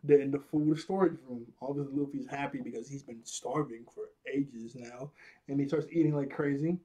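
Amused young man recapping anime, mellow. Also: medium pitch, steady tone, moderate pace. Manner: laughs often, acts out scenes in character voices. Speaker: anime episode reviewer. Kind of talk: casual recap commentary.

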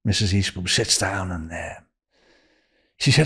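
A man's voice: deep voice, unhurried, husky. Scouse man telling a story. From Liverpool, England. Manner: animated, acts out quoted speech in a raised voice. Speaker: podcast guest. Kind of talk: anecdotal storytelling.

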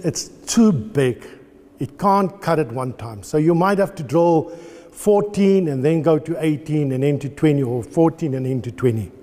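A man's voice: fairly high pitch, warm tone. A man teaching at a lathe in an engineering workshop, giving a patient, step-by-step demonstration. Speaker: lecturer. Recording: reverberant workshop with faint ambient noise.

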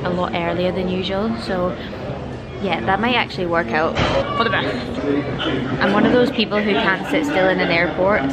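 A woman's voice: fairly low pitch, heavy background noise. Chatty young woman vlogging. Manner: chatty, excitable, laughs often. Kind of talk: casual vlog chat to camera.

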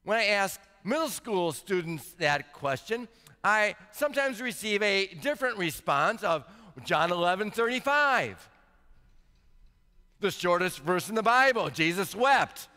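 A male pastor preaching a sermon. He reads scripture slowly and deliberately and builds to emphatic, rising intensity. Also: high voice, animated, pushed and bright. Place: church sanctuary. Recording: long church reverb.

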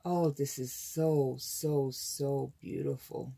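Low, husky older woman gushing softly. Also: takes it slowly, pauses often. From United States. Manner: gushing, gasping with delight. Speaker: crafting channel host. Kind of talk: casual unboxing chat.

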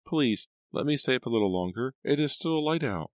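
A man's voice: medium pitch, expressive, brisk, no room sound, studio quality, voice pushed up, natural voice. A man reading an audiobook, voicing a whining, pleading nine-year-old girl in a raised voice. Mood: whiny.

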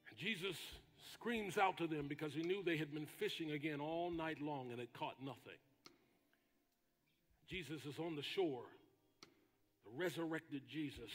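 Pastor, male, husky voice with a high pitch, preaching in a hall with long reverb, dramatic pauses and shouted lines. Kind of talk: sermon. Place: church sanctuary.

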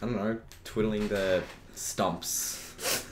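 A man's voice: on the low side, steady tone, takes it slowly. A teenage boy co-hosting a casual podcast chat, rambling and trailing off into mumbles. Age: teens. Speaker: podcast co-host. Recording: echoey room with faint noise.

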